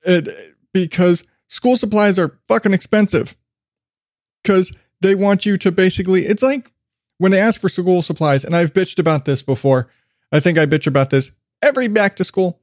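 A man's voice: high-pitched, normal speed, darkish tone, no echo, studio quality. A middle-aged man hosting his own podcast, rambling casually and laughing at himself, with frequent swearing. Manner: self-deprecating, swears freely, laughs often. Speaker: podcast host.

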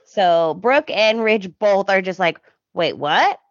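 A woman's voice: medium pitch, slow pace, no room sound, lo-fi sound. A woman co-hosting a podcast, chatting casually and acting out characters' lines as she recaps. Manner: animated retelling, acts out characters' lines. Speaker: podcast co-host.

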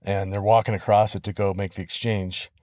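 Low-voiced man hosting a relaxed podcast. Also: fairly quick, no echo, clean studio sound. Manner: relaxed and conversational, with soft laughs and restarts. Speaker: podcast host. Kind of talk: casual solo podcast storytelling.

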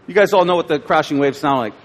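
A pastor giving a sermon, telling a story and acting out its scenes with voices and asides to the crowd. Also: male voice, a little high, fast talker. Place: church auditorium. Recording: live church recording with long hall reverb.

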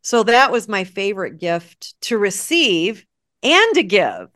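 Slow-talking woman telling a story. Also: medium pitch. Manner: animated, acts out quoted dialogue. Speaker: guest sharing a story. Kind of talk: casual storytelling chat.

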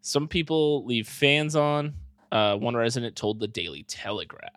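A man's voice: medium pitch, moderate pace, a bit bright, no echo, studio quality. A young man co-hosting a casual comedy podcast, reading facts aloud and then joking around with swearing. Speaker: podcast co-host reading about the topic.

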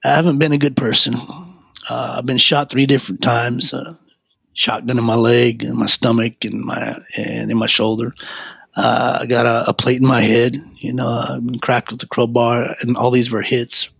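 A man giving a personal testimony in rambling, halting storytelling. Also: mid-range voice, level tone, gravelly, a bit bright, husky, dry recording. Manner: halting, with many fillers and restarts.

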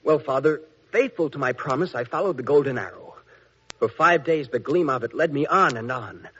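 A man's voice: mid-range voice, brisk, a bit bright, husky. An actor playing an earnest young prince recounting his quest in an old radio play. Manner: earnest storytelling. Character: earnest young prince who found a frog. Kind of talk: 1940s radio acting. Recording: muffled old radio recording.

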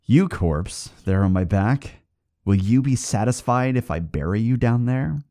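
A man's voice: mid-range voice, lively intonation, unhurried, mellow, dry recording, studio quality, pitched above the performer's own voice. A man voicing a frightened young peasant in a told folk tale, asking nervous, startled questions. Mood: uneasy.

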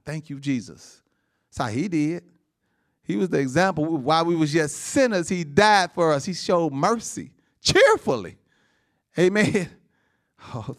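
Man, pastor, sermon, fairly high voice, laughing, loud bursts and soft asides. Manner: laughs often between lines, asks the congregation for amens.

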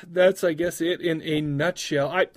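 Chatty, slightly high-voiced man. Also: fairly even intonation, measured pace. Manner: rambling, many restarts and laughs. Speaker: podcast co-host. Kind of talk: casual chat.

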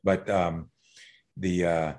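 Speaking slowly in a low voice, this middle-aged man, a self-defense instructor on a podcast, gets animated and swears freely while acting out fight situations.

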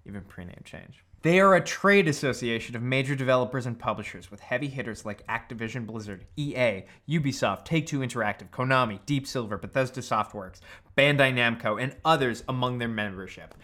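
A man co-hosting a podcast, reading a prepared history story in a measured way with casual asides. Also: medium pitch, animated, pushed and bright. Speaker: podcast co-host.

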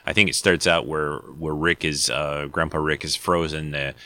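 A man's voice: a bass voice, steady tone, moderate pace, bright, forceful tone, no room sound. A man hosting a casual video, introducing clips in a rambling, hesitant way. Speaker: video host. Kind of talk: casual commentary.

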